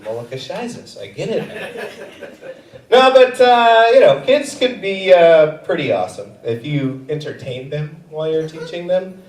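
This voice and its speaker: A young man performs stand-up on a comedy theater stage, animatedly telling stories and slipping into different voices. His voice is a little high, expressive, and somewhat slow, picked up by a distant mic with a roomy theater sound.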